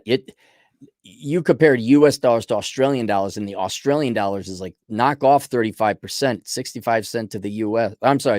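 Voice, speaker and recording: A man's voice: on the low side, a little mellow, no room sound. Blunt, profane man ranting into a dry mic. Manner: blunt, profane, rambling, with many restarts. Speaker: host answering a viewer's letter. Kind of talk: casual ranting commentary.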